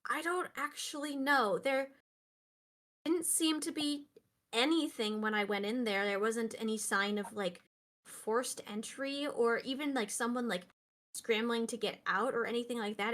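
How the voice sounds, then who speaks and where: A woman voicing a worried, unseen person talking in hushed, hesitant tones in a hallway. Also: on the high side, measured pace. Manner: hushed, hesitant, filler-heavy.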